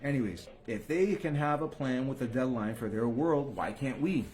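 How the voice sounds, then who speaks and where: A man hosting his own channel, talking casually to viewers in street slang. He swears freely and swings between low mutters and loud bursts. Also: lively intonation, normal speed. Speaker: channel host.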